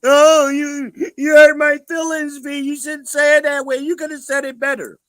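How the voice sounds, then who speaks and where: A woman's voice: sits high, little pitch movement, normal speed, fairly bright tone, no room sound, voice pushed up. A man putting on the voice of a whiny, offended woman who complains his words hurt her feelings.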